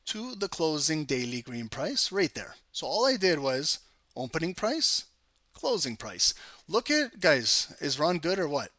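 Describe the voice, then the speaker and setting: Energetic male trading coach, bright and fairly high voice, close dry sound. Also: no echo. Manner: energetic, chatty, teasing the audience. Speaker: trading educator. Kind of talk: live market analysis walkthrough.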